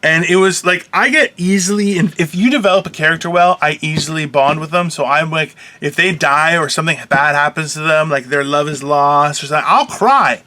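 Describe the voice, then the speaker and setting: A young man co-hosting a casual comedy podcast, animated and profane, breaking into loud mock outbursts. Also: fairly high pitch, brisk, few pauses. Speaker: co-host.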